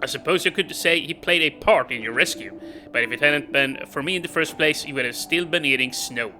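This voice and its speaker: A man casually talking through his game, reading the dialogue aloud and laughing often. His voice is very bright and forward. Faint game music runs underneath. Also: fairly high pitch, fairly quick, rough recording. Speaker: let's play gamer.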